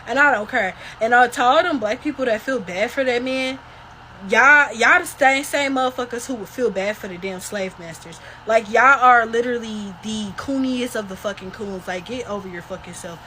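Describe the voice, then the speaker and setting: A woman's voice: on the high side, normal speed, pushed and bright, a little hiss or hum. Blunt, profane woman ranting. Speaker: social media commentator. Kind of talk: ranting vlog.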